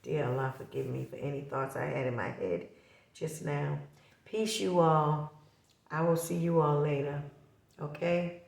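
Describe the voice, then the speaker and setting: A middle-aged woman speaks to her viewers in a gravelly voice, impassioned and accusing, circling back to her points again and again. The sound rings around an echoey room. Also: sits low, steady tone, a little slow, darkish tone. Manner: impassioned, accusatory, repeats herself. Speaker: vlogger. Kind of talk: emotional direct-to-camera talk.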